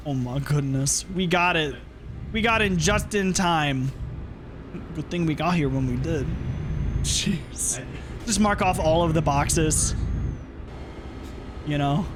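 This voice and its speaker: A man's voice: on the high side, takes it slowly, long pauses. A young man streaming a driving game, chatting casually with viewers and reacting aloud to the road. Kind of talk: casual gameplay commentary. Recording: game music behind.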